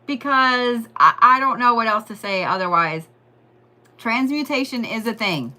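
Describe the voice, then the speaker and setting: A woman's voice: fairly high pitch, expressive, takes it slowly, pushed and bright. A woman giving a casual, rambling astrology reading, joking and swearing as she talks straight to her listeners. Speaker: astrology and Reiki host.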